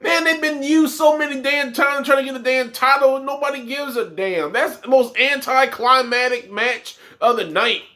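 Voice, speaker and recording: A man's voice: very high voice, moderate pace, few pauses, pushed and bright. A man reviewing a wrestling show, ranting with profane, exasperated commentary.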